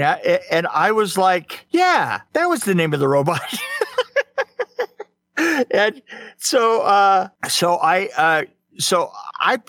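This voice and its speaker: A man with a high, lively voice chats in a halting way, with frequent ums and repeated words. He laughs easily between his sentences. The sound is dry and close, with no room echo. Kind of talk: casual chat.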